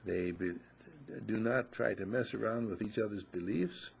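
A man's voice: fairly low pitch, normal speed, gravelly. A man voicing a big old male toad who guards a pond and firmly turns a frog away. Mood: stern. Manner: firm, refusing.

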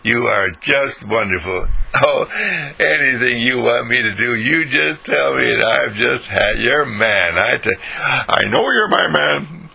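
A man's voice: mid-range voice, expressive, measured pace, gravelly, bright, forceful tone, slightly rough, exaggerated voice, low-quality recording. An older man voicing a doting husband who gushes with praise for his wife. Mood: gushing. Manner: gushing, effusive praise.

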